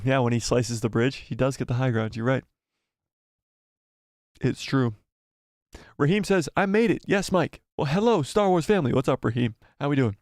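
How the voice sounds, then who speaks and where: Excitable man hosting a live chat stream. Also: medium pitch, no room sound, studio quality. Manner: excited, repeats phrases for emphasis. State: losing his voice.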